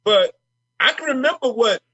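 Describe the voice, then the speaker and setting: High-pitched man, dry close sound, fiery emphatic politician guest who stumbles over repeated words. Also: animated, normal speed, pushed and bright, husky, dry recording, dull audio. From Minnesota. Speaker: state legislator guest. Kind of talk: passionate interview talk.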